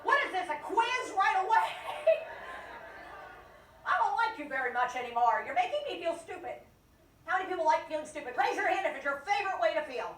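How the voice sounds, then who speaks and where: A woman leading a lively dementia care training for a live audience, acting out inner voices and joking with the crowd. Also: very high-pitched, brisk, distant mic, a little hiss or hum. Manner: animated, acts out inner voices and jokes with the audience. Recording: echoey room, voice from off the mic.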